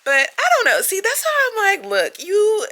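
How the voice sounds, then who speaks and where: A woman vlogging in casual chat, animated and giggly, with chatty asides and a drawn-out delivery. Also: very high voice.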